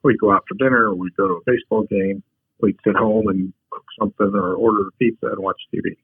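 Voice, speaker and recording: A man, a podcast guest, telling personal stories in a humorous, unhurried, casual way. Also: lowish voice, fairly even intonation, slightly rough, dry recording. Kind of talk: casual storytelling. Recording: dry, tinny phone-like line.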